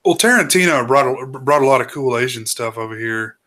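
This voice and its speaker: A man's voice: mid-range voice, lively intonation, brisk, sharp tone. A man co-hosting a podcast, dropping short wry remarks in a casual movie chat. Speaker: podcast co-host.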